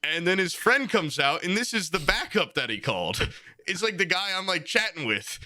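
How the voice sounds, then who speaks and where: A man's voice: sits high, big pitch swings, normal speed, pushed and bright, no echo, clean studio sound. A young man, a podcast co-host, telling a rambling bar story with lots of "like" and acted-out quotes. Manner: rambling, heavy use of "like", acts out quoted voices. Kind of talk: casual storytelling chat.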